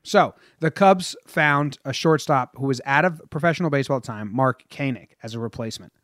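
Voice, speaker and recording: A man's voice: medium pitch, fairly quick, fairly bright tone, no echo, studio quality. A man co-hosting a casual podcast, reading out a prepared history story and chatting with his co-host. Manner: reads a prepared story, then chats and laughs with his co-host.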